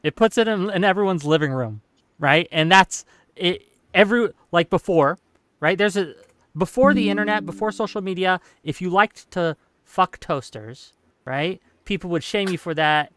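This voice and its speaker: A man's voice: on the high side, normal speed, a bit bright, clean tone, no room sound. A man in a casual online debate on a video call, blunt and profane, rambling with fillers. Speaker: debate guest.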